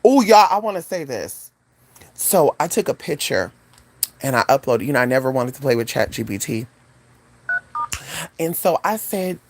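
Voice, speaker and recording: A woman vlogger telling a casual story to her viewers, animated, with asides to the audience. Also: normal speed, vocal fry, pauses often, slight background noise. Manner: animated, swoops high for quoted voices, chatty asides to viewers.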